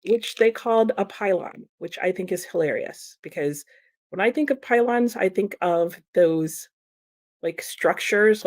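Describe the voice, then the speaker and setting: Chatty woman, low-pitched. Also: darkish tone. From United States. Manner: chatty, reads comments aloud, laughs often. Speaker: streamer and book vlogger. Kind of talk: casual livestream chat.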